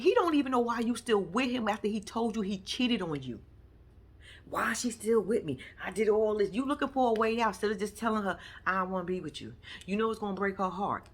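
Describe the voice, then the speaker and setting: A woman's voice: mid-range voice, a bit bright. A woman giving a casual commentary recap of a reality TV episode, blunt and profane, acting out the people she quotes.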